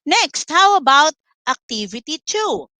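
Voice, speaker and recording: A woman teacher with a Filipino accent leading an online lesson, reading quiz items clearly and patiently calling out students' names. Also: high-pitched, sing-song, unhurried, sharp tone, no room sound, rough recording. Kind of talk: online live-stream lesson.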